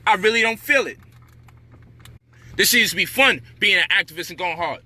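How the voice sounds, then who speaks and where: A man's high, very bright voice in a heated monologue. He rants with frustration, swears freely and lectures his listeners. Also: a little fast. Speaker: commentator.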